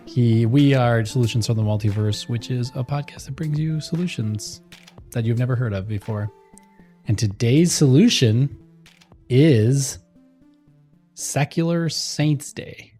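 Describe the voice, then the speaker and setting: A man's voice: medium pitch, normal speed, dark tone, slightly rough, faint music behind. A man co-hosting a podcast in casual chat, explaining ideas in a rambling way with lots of fillers and frequent laughs. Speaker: podcast co-host.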